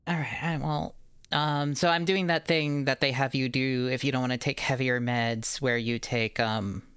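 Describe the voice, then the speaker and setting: Low-voiced woman streamer, chatty and hurting. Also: fairly even intonation, moderate pace, a bit bright, smooth, dry recording, clean studio sound. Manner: rambling, swears casually. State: in pain, low energy. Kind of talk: casual pre-stream chat.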